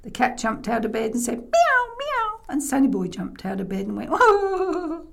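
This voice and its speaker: Playfully telling a children's story in the oral tradition, a woman makes the sound effects herself and invites listeners to join in. She has a mid-range voice that is gravelly and a little mellow, and she talks fast.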